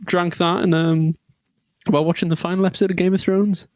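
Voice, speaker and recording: Brief: co-host, fairly high voice, loose self-mocking storyteller, dry close sound. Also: male voice, level tone, brisk, darkish tone, dry recording. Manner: rambling, self-deprecating, with many ums. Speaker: podcast co-host. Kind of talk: casual chat, storytelling.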